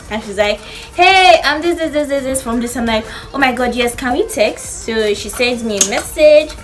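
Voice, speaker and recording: A young woman with a Nigerian accent telling a story to camera in an animated way, acting out what people said. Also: mid-range voice. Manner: animated storytelling, acts out quotes. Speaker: vlogger. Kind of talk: storytime chat.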